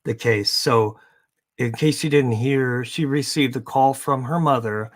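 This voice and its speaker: Man, true-crime show co-host; casual, relaxed, filler-heavy chat. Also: mid-range voice, measured pace. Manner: relaxed, frequent fillers and laughter.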